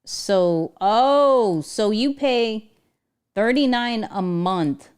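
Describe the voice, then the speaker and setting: A woman hosting a casual livestream, talking in an animated, slangy way and laughing often. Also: on the high side, extremely slow, clean tone. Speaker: livestream host.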